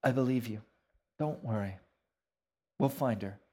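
A man's voice: mid-range voice, measured pace, mellow, natural voice. A man reading a story aloud, voicing a stubborn, protective boy who speaks firmly and matter-of-factly. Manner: firm, matter-of-fact.

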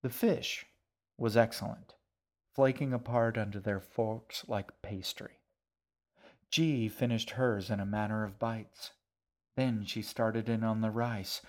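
A man narrating a story as an audiobook in a measured, expressive reading. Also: lowish voice. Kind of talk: scripted narration.

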